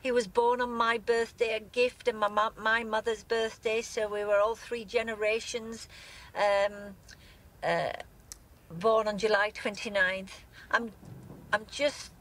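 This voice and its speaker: A grieving woman with an English accent, from England, speaking in a live news interview from a moving car, tearful, halting and breaking off her sentences. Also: on the high side, little pitch movement, fairly bright tone, low-quality recording.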